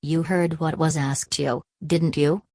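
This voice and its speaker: An exasperated older father scolds with bitter anger, read by a woman narrator. The voice is low, and the audiobook recording is dry and close. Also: steady tone, unhurried, darkish tone, no echo. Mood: angry. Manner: angry and scolding.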